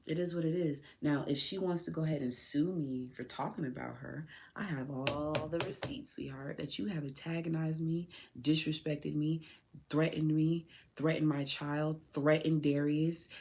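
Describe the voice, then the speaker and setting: Low-voiced woman pouring her heart out. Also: fairly even intonation, moderate pace, a little mellow. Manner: tearful, raw and heartfelt, speaking straight to her child. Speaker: podcast host. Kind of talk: emotional personal address to her son.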